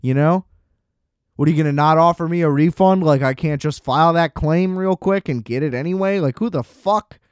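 A man's voice: on the high side, normal speed, clean tone, no echo, clean studio sound. A man hosting a podcast, ranting in a casual, exasperated and profane way. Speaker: podcast host. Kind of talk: casual solo podcast rant.

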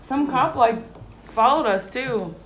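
A woman's voice: a little high, takes it slowly, fairly bright tone. A woman in casual chat, laughing and swearing casually as she recounts events. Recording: echoey room with crowd noise.

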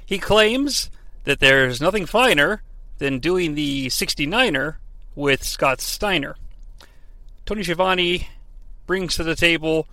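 A man with a high, bright voice tells the story with heavy sarcasm and the odd swear word. His sound is dry and close, with no room around it. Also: animated, slow, long pauses, no room sound. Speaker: podcast host recapping wrestling. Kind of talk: comedic recap with quoted impressions.

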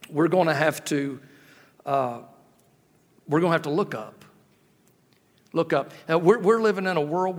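Folksy preacher in an echoing church. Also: male voice, fairly high pitch. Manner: folksy, repeats and restarts words. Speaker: guest pastor. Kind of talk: sermon. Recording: long reverb of a church hall.

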